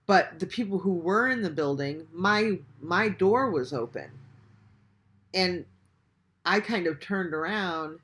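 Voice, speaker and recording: A man hosting a reaction channel, telling a story in animated casual speech, swearing and laughing often. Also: high voice, slow.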